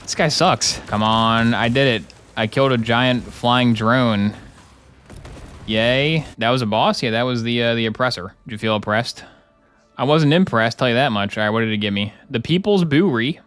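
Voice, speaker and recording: A man's voice: medium pitch, moderate pace, fairly bright tone, smooth. A man streaming a video game live, joking and complaining sarcastically while he plays and thanks his chat. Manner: sarcastic, grumbling, jokey; talks to chat, thanks subscribers. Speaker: gaming streamer. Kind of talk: live gameplay commentary.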